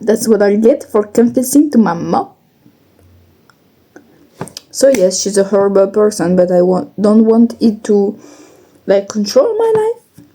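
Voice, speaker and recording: Slow, soft-toned young woman confiding. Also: medium pitch. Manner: halting, frequent restarts and fillers; candid, blunt, occasional swearing. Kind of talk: casual confessional vlog.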